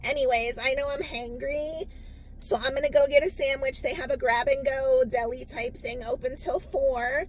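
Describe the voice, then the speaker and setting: A high-pitched woman talks chattily to her viewers as she films herself on a solo road trip. Her easy, unscripted chat comes through a camera mic with clear background noise around her voice. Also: fairly even intonation, moderate pace, poor audio. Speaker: travel vlogger. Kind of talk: casual solo vlog chat.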